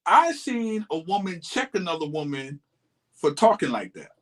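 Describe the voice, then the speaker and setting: Wry man with a high lively voice. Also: normal speed. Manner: wry, joking interjections. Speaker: podcast co-host. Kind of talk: casual reality-TV commentary.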